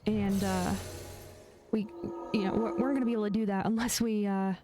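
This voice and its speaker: A woman's voice: medium pitch, steady tone, a little fast, noisy background. A woman streamer chatting casually while playing a game, laughing often and trailing off into fillers and restarts. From United States. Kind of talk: casual chat while gaming.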